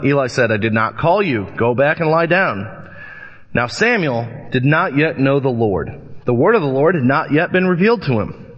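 A man preaching a sermon, reading scripture and telling lively anecdotes as he acts out voices in the stories. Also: medium pitch. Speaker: pastor. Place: church sanctuary. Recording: long church reverb, dull lo-fi sound.

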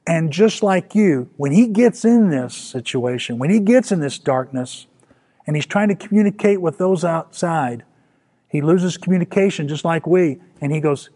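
A middle-aged man preaching a sermon as pastor, dropping to soft, quiet lines and rising for emphasis. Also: on the high side, animated, normal speed.

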